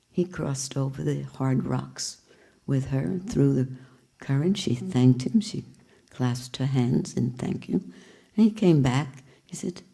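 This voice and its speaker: A woman's voice: sits low, gravelly, mellow. A woman teacher giving a spiritual talk with storytelling, earnest and reflective.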